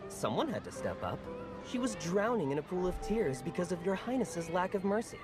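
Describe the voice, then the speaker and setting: A smooth meddling knight friend, bouncy lively pitch, music under it. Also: male voice, brisk.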